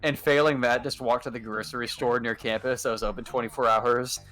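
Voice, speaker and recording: Young man, casual gaming-stream chat, animated storyteller, mid pitch, faint game music behind. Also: a little fast. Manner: animated storyteller, acts out loud quotes.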